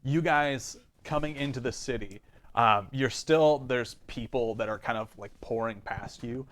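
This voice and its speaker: A man running a tabletop game as game master, narrating casually and often pausing on ums. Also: mid-range voice, a bit bright.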